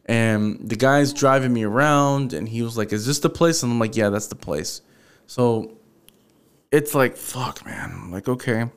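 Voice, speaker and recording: A man with a smooth, clear voice talks through a story on his own podcast. His pitch sits in an ordinary middle range. He swears freely and keeps slipping into quoted back-and-forth dialogue. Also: unhurried. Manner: profane, animated, acts out quoted dialogue. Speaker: podcast host. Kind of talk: casual solo storytelling.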